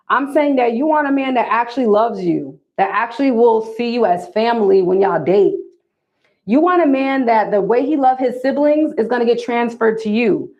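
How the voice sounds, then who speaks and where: A fairly high-voiced woman talks straight to her livestream viewers, calling them y'all. Her delivery is emphatic and preachy. The sound is a bit dull and lo-fi. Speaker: livestream host giving dating advice. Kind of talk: casual livestream talk to viewers.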